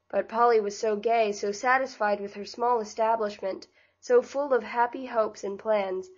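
Gentle woman narrating a classic novel. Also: mid-range voice, highs cut off. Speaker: audiobook narrator. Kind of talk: scripted narration.

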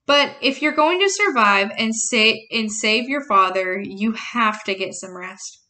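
A woman reading as a calm magician mentor. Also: a little high, unhurried. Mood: firm. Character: older male magician mentor, calm and firm.

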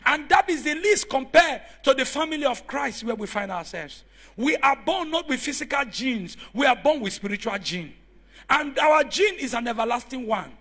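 A man preaching a sermon in church, telling stories and rising to shouts as he calls on the congregation. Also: extremely high pitch, expressive, moderate pace. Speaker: pastor.

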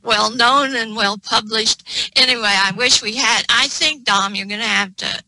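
A woman speaks on a video call in a very bright, sharp voice. The sound is dry, with no room around it. She chats casually and laughs easily. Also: a little high, measured pace, no echo, poor audio. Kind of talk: casual chat.

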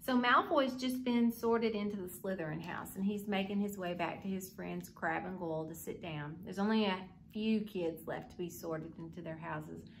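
A woman's voice: on the low side, normal speed, gravelly, few pauses, slight background noise. A woman hosting a children's library club, reading a story aloud and showing a simple craft in an upbeat, kid-friendly way.

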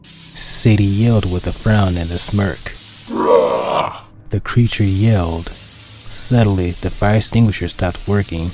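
A man reading his own dark pony fan story aloud as the narrator, in a steady, plain storytelling manner. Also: low voice, measured pace, long pauses, a little hiss or hum.

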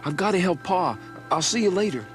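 A man's voice: high-pitched, lively intonation, a little fast, pitched above the performer's own voice. A man voicing a helpful teenage farm boy in a storybook, with a reassuring manner. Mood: easygoing. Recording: background music.

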